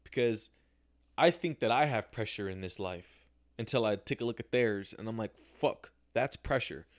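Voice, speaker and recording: A man's voice: lowish voice, moderate pace. Candid, profane young man talking to camera. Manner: candid, profane, slangy, acts out his own reactions. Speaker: podcast host. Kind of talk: casual solo livestream monologue. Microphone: camera mic, talking to camera.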